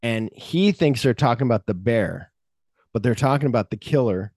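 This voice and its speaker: Speaking at a moderate pace in a mid-range voice, this male podcast host loosely recounts a movie script in a chatty way. He shouts out the quoted lines with animation and curses freely, all in a close, dry recording without echo.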